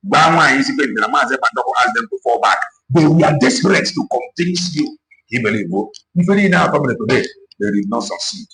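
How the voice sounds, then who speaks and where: A male activist's brisk, lively, medium-pitched voice with a bit of brightness carries an impassioned political talk. Alternating Igbo and English, he repeats points to drive them home and urges listeners on. The recording quality is rough.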